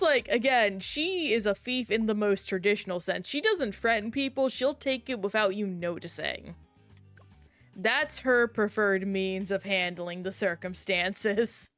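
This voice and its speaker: A woman streamer in casual, chatty conversation while playing a game, reacting aloud in an animated way. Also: medium pitch. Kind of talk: casual gameplay chat.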